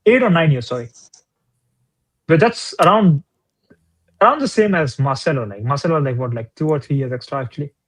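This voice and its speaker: A man's voice: on the high side, expressive, rough recording. A man co-hosting a casual football chat, eager and full of "like" as he makes his points. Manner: eager, fast back-and-forth, hedging with "like". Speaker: co-host.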